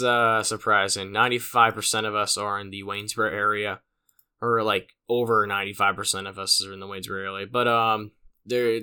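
With a smooth, bright, forceful mid-range voice, a late-teen male host carries a casual solo podcast monologue. He wanders from point to point, leaning on fillers and self-mocking remarks.

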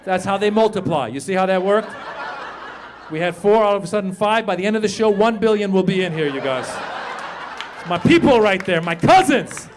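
A man from Iran performing an animated stand-up comedy set on a club stage, shouting some punchlines. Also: sits high, brisk, a little hiss or hum. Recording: live club recording with audience.

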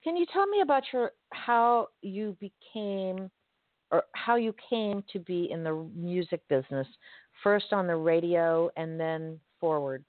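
A woman's voice: on the low side, animated, unhurried, dry recording, phone-quality sound. A woman interviewing a writer, asking questions attentively and affirming his answers. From Southern United States. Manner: attentive, with brief affirming responses.

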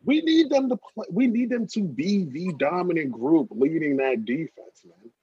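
Husky guy on a sports podcast, swears a lot, very sure of his picks, dull lo-fi sound. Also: a little high, sing-song, normal speed. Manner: emphatic, swearing, making bold predictions. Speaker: podcast co-host. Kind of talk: casual sports chat.

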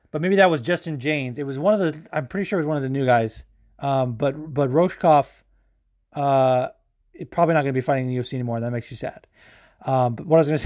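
Male podcast host, loose and profane, animated delivery, voice a touch high. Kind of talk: casual podcast commentary.

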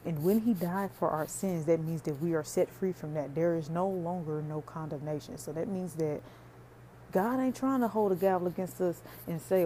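Woman podcasting about faith, earnest and preachy, lowish mellow voice, faint hiss behind. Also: expressive, brisk. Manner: earnest, preachy, conversational, addresses listeners as y'all. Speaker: podcast host.

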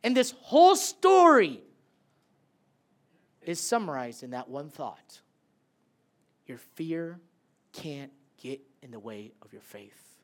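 A man preaching a sermon as a pastor, animated, swinging between loud bursts and hushed, quiet lines. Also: a little high, slow, long pauses.

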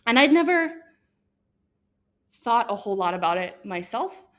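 A woman's voice: on the high side, very animated, a little slow. Young woman, guest speaker, casual and earnest, chatty delivery full of fillers. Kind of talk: faith talk to students.

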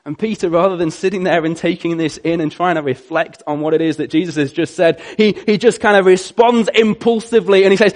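Man preaching, somewhat high voice, earnest storytelling, shifts between loud and hushed. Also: brisk, few pauses. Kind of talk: sermon.

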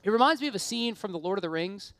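A woman's voice: mid-range voice, animated, fast, no echo. A woman preaching a sermon, earnest and impassioned, mixing casual self-deprecating asides with emphatic appeals.

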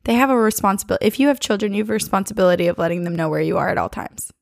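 A young woman co-hosting a podcast in casual chat, chatty and quick to laugh, with a voice that is nearly gone. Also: mid-range voice, expressive, creaky, no echo, clean studio sound. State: nearly lost her voice. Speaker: podcast co-host.

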